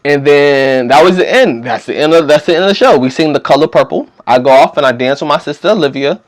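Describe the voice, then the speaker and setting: A young man, telling a story in a casual, slangy and animated way. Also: on the high side, fast. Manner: animated, slangy, acts out quotes. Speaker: vlogger.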